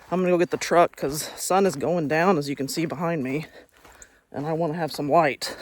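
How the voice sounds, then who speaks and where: A woman's voice: deep voice, slight background noise. A woman with a Texan accent talking casually to the camera outdoors on a ranch, chatty and laughing easily. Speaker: hunter vlogger. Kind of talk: casual vlog talk to camera.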